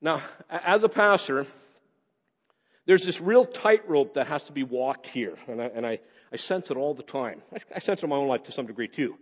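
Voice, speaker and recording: A male pastor preaching a sermon, swinging between raised emphasis and quick, low asides. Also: animated. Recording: dull sound with long hall reverb.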